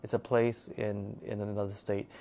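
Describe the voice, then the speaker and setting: A man's voice: on the low side, level tone, moderate pace, vocal fry, warm tone. Rambling man telling a story. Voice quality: rambling, filler-heavy delivery with frequent restarts. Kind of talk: casual personal storytelling.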